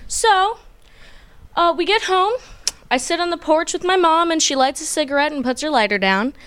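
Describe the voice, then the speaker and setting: A young woman telling a personal childhood story in an animated, playful way, acting out what people said. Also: sits high, normal speed, no echo. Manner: animated, playful, acts out quotes. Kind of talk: personal story told to a group.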